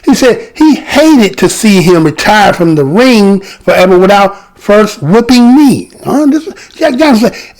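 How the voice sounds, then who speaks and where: A man's voice: high-pitched, big pitch swings, measured pace, a little mellow, rough recording. A man giving casual history commentary, talking conversationally and often checking in with listeners through rhetorical questions.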